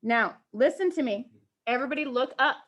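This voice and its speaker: A woman's voice: sits high, a little fast, highs cut off, slight background noise. Playful, teasing woman math teacher. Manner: playful, teasing, mock-dramatic. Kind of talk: classroom teaching, in person and online.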